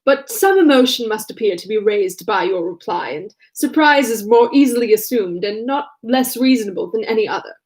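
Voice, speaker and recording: A woman doing an arch, teasing young gentleman. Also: on the high side, expressive, moderate pace, few pauses, close to an everyday voice. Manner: mock-formal, then simpering when he affects a pose.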